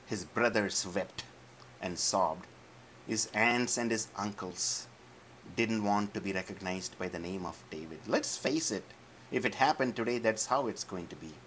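A man's voice: lowish voice, a little slow, a bit bright, slight background noise. A male preacher retelling a scripture story dramatically, with modern asides. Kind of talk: sermon storytelling.

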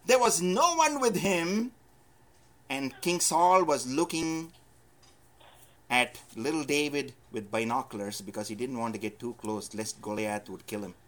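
High-voiced animated male preacher. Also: slight background noise. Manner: animated storyteller, swings between loud emphasis and soft asides. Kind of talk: storytelling sermon.

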